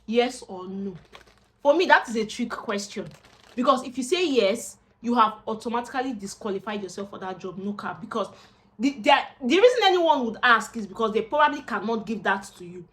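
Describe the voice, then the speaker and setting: A woman's voice: fairly high pitch, fairly quick. Chatty young Nigerian woman vlogging. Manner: expressive, chatty, slips into Pidgin asides. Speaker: vlogger and job seeker. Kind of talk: casual chat to camera.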